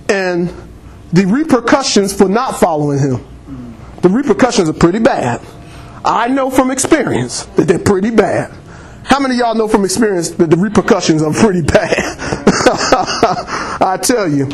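A man's voice: sits high, slight background noise. A man preaching a sermon in church, reading scripture and calling on the congregation for amens, laughing often.

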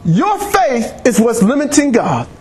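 High-voiced man preaching a sermon. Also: wildly swooping pitch, measured pace. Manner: calls for amens, laughs often, reads scripture aloud. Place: church.

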